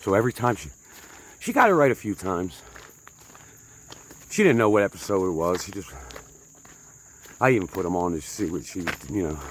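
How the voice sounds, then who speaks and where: Breathless low-voiced man vlogging on a hike. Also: animated, moderate pace, long pauses, a little hiss or hum. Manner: chatty, self-mocking, talks to viewers as folks. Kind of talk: rambling hiking vlog. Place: outdoor hiking trail.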